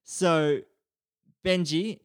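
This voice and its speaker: Relaxed podcast guy, higher voice, swears casually, dead dry sound. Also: extremely slow, no room sound. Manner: laid-back, sweary, self-mocking. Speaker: podcast host. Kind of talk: casual chat.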